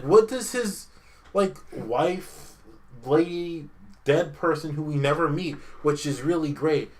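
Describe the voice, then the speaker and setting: A man's voice: mid-range voice, heavy background noise. A man co-hosting a casual podcast chat, ranting sarcastically and swearing freely. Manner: ranting, profane, sarcastic critique. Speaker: podcast co-host.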